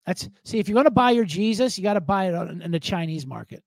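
Male podcast host at home, casual profane monologue, high lively voice, dry sound. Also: fast talker, gravelly, hardly any pauses, no echo. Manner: profane, jokey, animated rambling.

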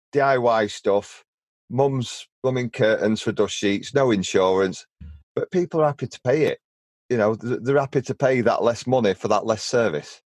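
A man's voice: fairly low pitch, a little mellow, dry recording. A young man, a painter and decorator, chatting casually in an earnest, rambling way with frequent restarts. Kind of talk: casual chat.

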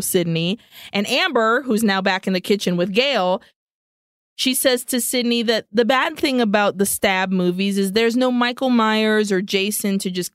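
A woman co-hosting a podcast, casually retelling a film's plot scene by scene with swearing and quick asides. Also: medium pitch, dry recording, clean studio sound. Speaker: podcast co-host. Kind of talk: casual movie recap chat.

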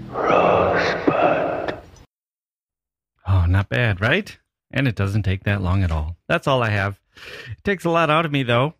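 A man's voice: fairly low pitch, a bit bright, no echo, studio quality. A man hosting a podcast, riffing in a wry, self-mocking comic monologue. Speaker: podcast host.

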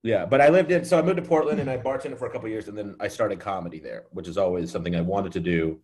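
A man's voice: lowish voice, fast talker, a little mellow. A man in his thirties from Texas, a comedian chatting casually on a podcast and mocking himself, with stammering restarts. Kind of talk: casual chat.

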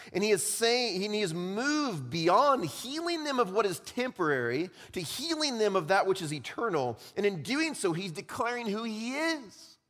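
A young man preaches from the front of a church, his voice sitting a little on the high side. He bursts into lively acted-out quotes, then drops low and quiet to drive a point home. Long reverb trails off the walls of the sanctuary. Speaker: pastor. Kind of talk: sermon.

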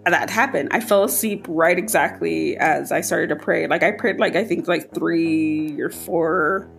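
A woman podcast host telling a personal spooky story in casual chat, her voice jumping high when she quotes herself. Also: a little slow, creaky, faint music behind.

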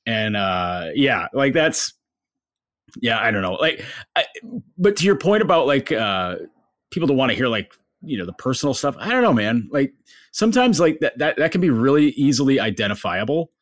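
Man, sports reporter co-host, halting self-mocking chat, lively pitch, dry sound. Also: no echo. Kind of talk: casual chat.

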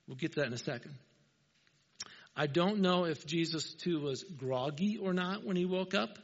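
A man preaching a sermon, telling the story with animated, emphatic asides. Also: fairly high pitch, moderate pace. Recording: reverberant hall, dull lo-fi sound.

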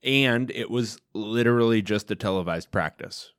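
A man's voice: fairly low pitch, moderate pace, clear, resonant tone. A man in his thirties co-hosting a podcast in a studio, with dry, wry humor. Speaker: podcast co-host. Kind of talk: casual podcast chat.

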